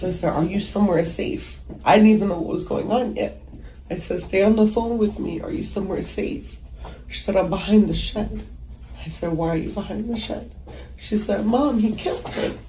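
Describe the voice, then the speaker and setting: A woman giving emotional interview testimony as a mother, halting and hesitant with many pauses. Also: medium pitch, warm tone. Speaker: mother recounting a killing. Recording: echoey room with faint background noise.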